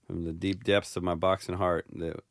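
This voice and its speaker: Low-voiced British man talking boxing casually. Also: level tone, moderate pace, vocal fry, no room sound, clean studio sound. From Britain. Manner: easygoing, joking. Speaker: podcast co-host. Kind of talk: casual chat.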